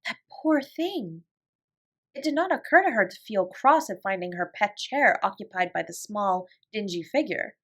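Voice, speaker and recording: A woman narrating a classic children's novel as a bedtime story, in an expressive storytelling voice. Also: mid-range voice, moderate pace, few pauses. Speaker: audiobook reader.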